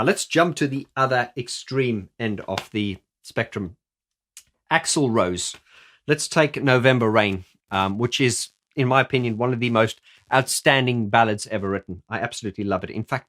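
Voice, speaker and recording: A man's voice: medium pitch, normal speed, fairly bright tone. A middle-aged man explaining singing technique as a vocal coach in a chatty video, often stumbling over restarts.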